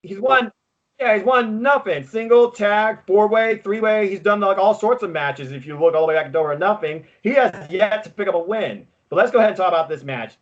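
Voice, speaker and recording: A man co-hosting a podcast, recapping wrestling in casual chat with excitable, quick play-by-play. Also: high voice, dull audio. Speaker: podcast co-host.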